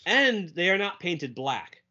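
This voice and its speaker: Animated man chatting on a podcast. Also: high voice, takes it slowly. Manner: animated, laughs often, quotes characters in funny voices. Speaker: podcast co-host. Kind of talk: casual chat. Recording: dull lo-fi audio.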